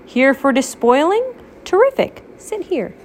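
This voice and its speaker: Mom doing a chirpy biscotti scientist lady, salesy and breezy, bouncy pitch. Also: sing-song, a little slow, slight background noise, full character voice.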